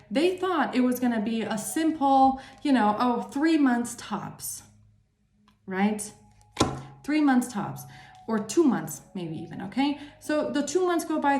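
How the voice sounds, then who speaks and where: A woman's voice: on the high side, a little mellow, roomy sound. A woman giving a tarot reading monologue, emphatic and repetitive, swearing freely. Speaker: tarot reader.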